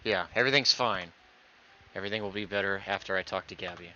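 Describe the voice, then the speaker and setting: A man's voice: deep voice, fast, bright, forceful tone, slight background noise. A man reading visual novel dialogue aloud, voicing every character himself and acting out the stammers. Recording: dull lo-fi recording.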